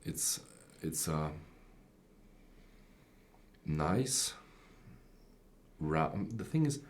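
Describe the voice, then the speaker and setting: A man's voice: rumbling low, very animated, drawn-out words, a little hiss or hum. A man co-hosting a live whisky tasting, joking and chatting. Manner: joking, laughing easily. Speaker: co-host. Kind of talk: live-stream tasting chat.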